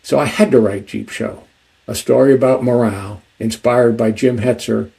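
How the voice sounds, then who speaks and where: A man, an author, giving a measured, deliberate talk about his book and reading a passage from it. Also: mid-range voice, fairly even intonation, creaky, dark tone, poor audio.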